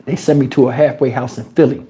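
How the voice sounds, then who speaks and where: A man from New Jersey telling casual stories on his livestream in crude street slang, animated and jumping into high, shouted tones as he retells them. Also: fast talker. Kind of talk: casual storytelling. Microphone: wireless lapel mic.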